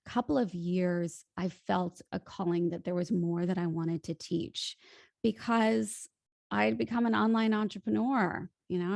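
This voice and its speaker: A woman's voice: medium pitch, creaky, dry recording, clean studio sound. A woman in her thirties with an American accent, a voice coach telling her story in a casual interview. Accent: General American. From United States (Illinois). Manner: animated, storytelling. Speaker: podcast guest, voice coach.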